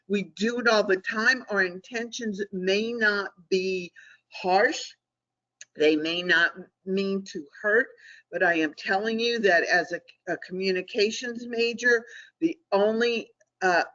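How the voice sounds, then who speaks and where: A woman's voice: medium pitch, fairly bright tone. A middle-aged woman presenting an online training webinar, talking conversationally and often checking in with "okay?". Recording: dull lo-fi webinar audio.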